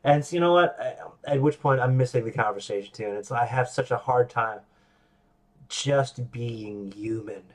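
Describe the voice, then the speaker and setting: A man's voice: mid-range voice, moderate pace. A man hosting his own podcast, talking in a rambling, self-deprecating way, restarting his sentences and acting out voices in quotes. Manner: animated, acts out quoted voices. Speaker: podcast host. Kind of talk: casual solo monologue.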